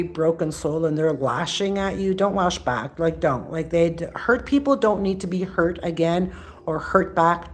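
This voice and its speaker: A woman's voice: on the low side, expressive, normal speed, a little mellow. A woman in her sixties from Canada, chatting casually on a live stream from her phone and answering viewers' comments with many restarts. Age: 60s. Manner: chatty, rambling, frequent restarts. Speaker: vlogger answering live chat.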